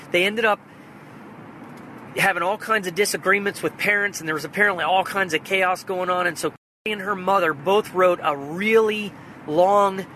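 Guy vlogging from his car, bright tense voice, faint traffic hum behind. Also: sits high. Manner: earnest storytelling, retelling a phone call. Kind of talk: personal faith vlog.

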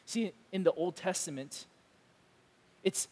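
A man pastor preaching a sermon, animated and emphatic, acting out imagined dialogue. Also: high voice, moderate pace, long reverb tail.

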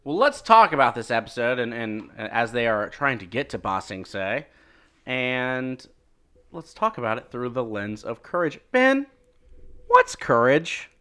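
A man's voice: medium pitch, sing-song, normal speed, sharp tone, smooth. A man hosting a podcast, playfully running a timed quiz game in casual chat.

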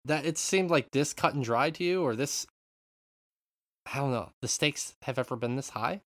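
A man hosting a casual gaming podcast, animated and rambling, with free swearing. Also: medium pitch, moderate pace, no echo, studio quality. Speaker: podcast host. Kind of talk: casual chat.

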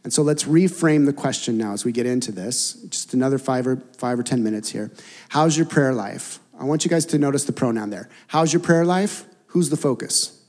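A man preaching a sermon as a pastor, earnest and conversational, sometimes dropping to a soft, intimate tone. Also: medium pitch, quick pace, big-room sound.

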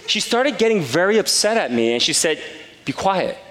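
Loud, animated pastor in a reverberant hall. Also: male voice, high voice, brisk, background noise. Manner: animated storyteller, acts out dialogue, loud voice. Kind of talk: sermon with personal story.

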